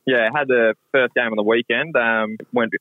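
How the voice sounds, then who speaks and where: An Australian man from Queensland calling in as a club player, speaking in a relaxed, hesitant way with lots of fillers. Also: mid-range voice, normal speed, no room sound. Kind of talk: phone interview. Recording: tinny dry phone line.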